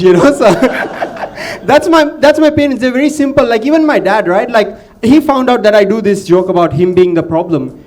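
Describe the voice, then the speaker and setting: A man's voice: animated, moderate pace, darkish tone. A man from India doing a chatty stand-up set, teasing the crowd. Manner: chatty, teasing the crowd, drops low to mimic his father. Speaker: stand-up comedian.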